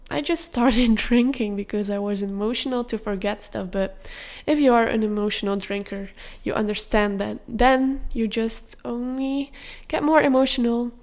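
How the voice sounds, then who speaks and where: A young woman hosting a podcast, telling a personal story in a candid, confessional way with soft fillers. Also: a little high, steady tone, moderate pace, hardly any pauses. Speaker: podcast host.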